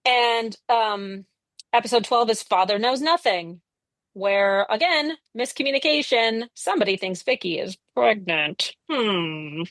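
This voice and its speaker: Wry woman podcast co-host, slightly high, close dry recording. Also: unhurried, fairly bright tone, no room sound. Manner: wry, plot-summarizing. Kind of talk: casual comedy podcast chat.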